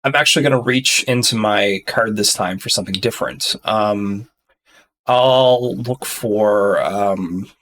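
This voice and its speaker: A man's voice: fairly low pitch, measured pace, fairly bright tone. Easygoing male tabletop player. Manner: easygoing, hesitant with fillers, cheers at rolls. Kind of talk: casual tabletop play.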